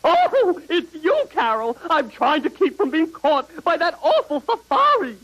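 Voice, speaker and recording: A man's voice: very high-pitched, wildly swooping pitch, unhurried, fairly bright tone, muffled recording, full character voice. A man voicing a whiny, self-pitying young male elephant in a 1950s cartoon, pleading and dramatic. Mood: indignant. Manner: dramatic, pleading, tantrum-prone.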